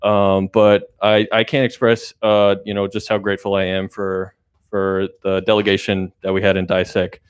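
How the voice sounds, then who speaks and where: A man's voice: low voice, monotone, moderate pace, clean tone. A young man, a committee chair, giving a casual, grateful ceremony speech with many fillers. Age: young adult.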